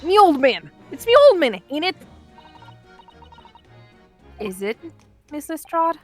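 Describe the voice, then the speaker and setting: A woman's voice: fairly high pitch, animated, moderate pace, a bit bright, faint music behind. A woman voicing a cheeky, defiant cockney street girl in a game read-along, talking brash and slangy. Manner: brash, dropped-h slangy talk.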